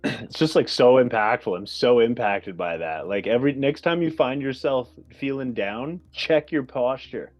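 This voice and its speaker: A man's voice: medium pitch, normal speed, a little mellow. A man sharing on a group video call in a casual, enthusiastic way. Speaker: call participant. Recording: dull lo-fi call audio with faint music.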